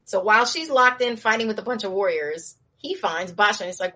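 A woman casually recapping a show in slangy talk, acting out the characters' lines in a higher voice and laughing now and then. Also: brisk, few pauses, sharp tone. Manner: chatty with frequent laughs and asides.

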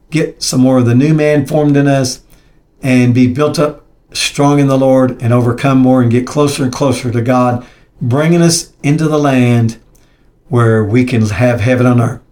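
A man's voice: medium pitch, darkish tone. A man preaching a sermon, reading scripture aloud and speaking plainly, often repeating himself and restarting. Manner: halting, repeats words and restarts; reads scripture aloud between plain comments.

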